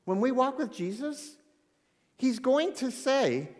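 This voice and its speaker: A man preaching a sermon, animated, swinging between loud excitement and hushed intensity. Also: very high-pitched, slow pace. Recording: long hall reverb.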